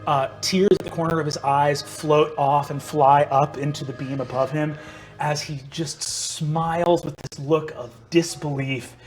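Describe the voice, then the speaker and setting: A man's voice: on the high side, steady tone, unhurried, soft background music. A young man narrating as game master, hesitant with lots of ums and uhs.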